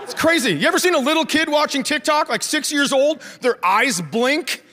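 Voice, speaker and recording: A man's voice: extremely high pitch, animated, moderate pace, background noise. A middle-aged man doing a stand-up comedy set, telling sarcastic stories about his family and acting them out. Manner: sarcastic storytelling, acts out family members. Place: theater stage. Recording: live venue with loud audience laughter.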